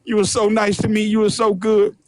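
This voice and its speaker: A man's voice: high-pitched, completely flat delivery, brisk, darkish tone, close to an everyday voice. A man voicing a naive enslaved man who fawns eagerly over his master. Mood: fawning.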